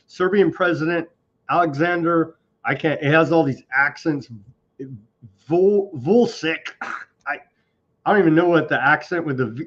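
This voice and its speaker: A man co-hosts a news commentary show with a fairly high voice, serving up the headlines with heavy sarcasm. He trips over foreign names as he goes. The audio is dull and lo-fi. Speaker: co-host.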